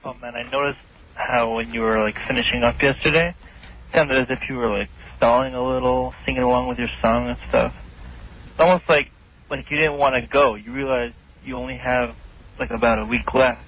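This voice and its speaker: Brief: male radio caller, mid-pitched, loose and casual, dull lo-fi line. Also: steady tone, brisk. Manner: loose, filler-heavy talk with repeated "like". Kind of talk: casual call-in chat.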